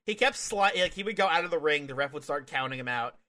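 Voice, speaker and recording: A young man in an easygoing wrestling review chat, his voice bright and a touch high. He laughs often and jumps into animated bits acting out the wrestlers. The talk is loose, with restarts and fillers. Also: fast. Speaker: podcast co-host.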